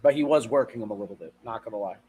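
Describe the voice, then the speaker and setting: A man co-hosting a podcast in casual chat, retelling events in an animated way, swearing and acting out what people said. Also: on the low side, racing, breathy edge, low-quality recording. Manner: animated retelling with profanity and acted-out quotes. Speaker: podcast co-host.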